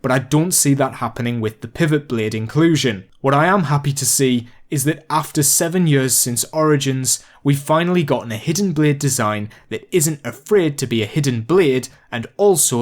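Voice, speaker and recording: A man narrating a video game review, chatty and excitable, turning rambling and self-deprecating as he thinks aloud. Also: medium pitch, moderate pace, hardly any pauses. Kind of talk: scripted review narration and off-the-cuff ranking.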